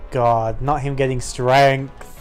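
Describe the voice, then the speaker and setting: A man's voice: medium pitch, slow, faint music behind. A man streaming a game, commenting casually and wryly while reading its dialogue aloud. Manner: relaxed, wry, laughs often.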